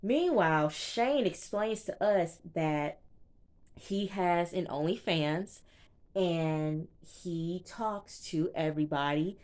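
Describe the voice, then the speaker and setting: A young woman casually recapping a reality TV episode, retelling scenes in a chatty, animated way and acting out quoted reactions. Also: on the low side, takes it slowly. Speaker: TV show reviewer.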